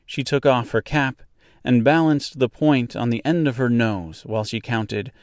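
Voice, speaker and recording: A man hosting a podcast, reading a children's classic aloud in slow, deliberate storybook narration. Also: mid-range voice, darkish tone, no room sound, clean studio sound.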